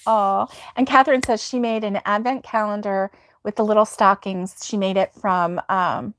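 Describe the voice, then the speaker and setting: A woman's voice: mid-range voice, steady tone, normal speed, few pauses, no room sound. A woman hosting a crochet livestream, chatting casually with viewers, rambling and laughing often. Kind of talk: casual chat reading viewer comments.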